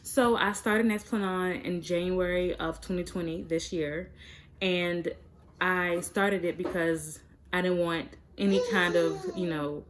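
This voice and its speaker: A woman's voice: fairly low pitch, steady tone, unhurried, slight background noise. A young woman talking frankly and chattily to her viewers in a casual vlog, with plenty of fillers. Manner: chatty and direct, many fillers. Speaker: vlogger. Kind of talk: frank casual chat to camera.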